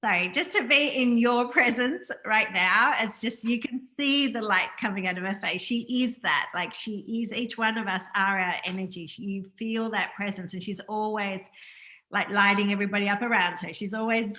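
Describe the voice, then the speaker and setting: A woman hosts a spiritual interview over a video call, in a clear, bright voice of middle pitch. She talks in an effusive, rambling way and often stops to read aloud or heap praise on her guest. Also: moderate pace. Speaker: interview host. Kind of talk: casual spiritual interview chat.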